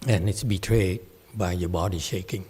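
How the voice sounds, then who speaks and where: A man's voice: low-pitched, fairly even intonation, moderate pace, a little mellow, breathy edge. A man leading a meditation question-and-answer session, talking casually and playfully and laughing often. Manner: playful, laughs often, acts out quoted voices. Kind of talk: casual Q&A talk. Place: temple hall.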